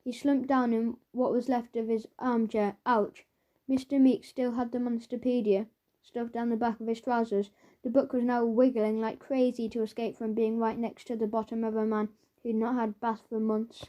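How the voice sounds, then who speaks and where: A woman narrating a children's audiobook in a playful, expressive way, on a dull lo-fi recording. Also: a little high, moderate pace.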